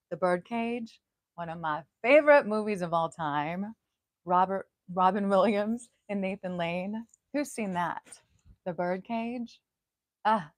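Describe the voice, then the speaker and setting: A woman hosting a live stream in a casual, chatty way, giggling often and throwing in loud, swearing asides. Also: on the low side, no room sound, low-quality recording. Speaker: host.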